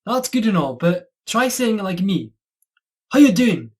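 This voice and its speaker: A man's voice: sits high, big pitch swings, measured pace, darkish tone. A student actor playing a quirky, friendly Scotsman with a Scottish accent who teaches accents, talking over a video call. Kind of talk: online student theatre.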